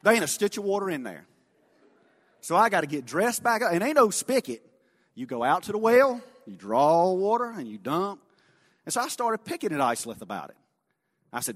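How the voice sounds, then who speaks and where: A man's voice: sits high, moderate pace. Folksy man preaching in a reverberant church. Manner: folksy, animated storyteller, drops to quiet emphasis. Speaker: lay speaker sharing a mission story. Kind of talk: sermon storytelling. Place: church sanctuary.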